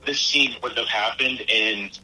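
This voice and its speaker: A man co-hosting a podcast, chatting casually about a film in a rambling, halting way and acting out movie lines. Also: mid-range voice, bright, forceful tone, breathy edge, rough recording. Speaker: podcast co-host.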